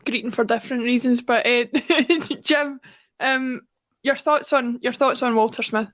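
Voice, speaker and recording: A woman with a high voice hosts a casual podcast chat. She ribs her co-hosts and passes the floor from one to the next. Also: fairly even intonation, unhurried, a bit bright. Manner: teasing, hands the floor to guests. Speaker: podcast host.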